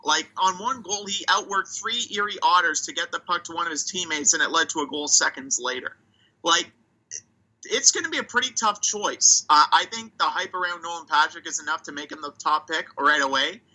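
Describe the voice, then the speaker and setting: A man's voice: a little high, fairly quick, sharp tone, rough recording. A man co-hosting a hockey podcast, talking casually and thinking aloud as he weighs prospects and reads out stats. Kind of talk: casual chat.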